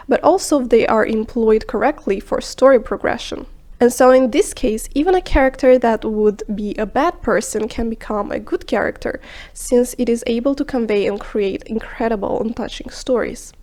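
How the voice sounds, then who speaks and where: Woman, high-ish voice, scripted review narration, measured and explanatory, with the odd hushed aside. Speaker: film review vlogger.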